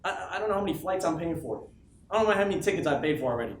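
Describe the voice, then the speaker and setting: A man delivers a motivational speech to a live audience, dropping low and close, then shouting his repeated rhetorical questions. His voice sits a little high for a man. It is picked up from a distance in a roomy, echoing space with faint background noise. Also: animated, racing. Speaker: motivational speaker addressing his team. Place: large office room with an audience. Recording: echoey room from a distance with faint ambience.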